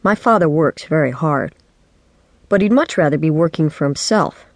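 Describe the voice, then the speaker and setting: A woman's voice: low voice, lively intonation, normal speed, dry recording. Woman narrating a kids' audiobook. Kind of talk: first-person children's audiobook narration. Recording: dry studio audiobook.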